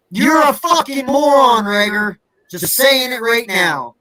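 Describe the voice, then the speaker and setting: A man's voice: very high-pitched, expressive, unhurried, bright, forceful tone, poor audio. A man in a heated, profane fan rant, furious and cursing, repeating himself over and over. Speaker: podcast co-host.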